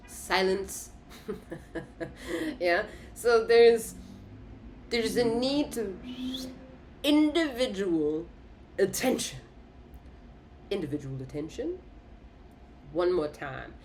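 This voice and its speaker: A woman's voice: mid-range voice, expressive, slow, pauses often, a little mellow, a little hiss or hum. A woman giving a casual tarot reading in an emphatic, repetitive way, swearing and laughing often. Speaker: tarot reader.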